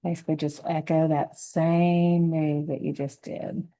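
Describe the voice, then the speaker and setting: A woman with a lowish, warm voice talks through a painting lesson step by step. She sounds relaxed and encouraging, and she thinks aloud about each brushstroke as she works. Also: unhurried, low-quality recording. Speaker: painting instructor.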